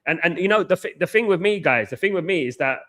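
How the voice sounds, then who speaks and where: This watchalong host is a married man with a high-pitched voice, covering football in a casual live-stream chat. He talks rapidly and passionately, repeats phrases, reads chat aloud and gives shout-outs, excited and buzzing, via headphones with a mic.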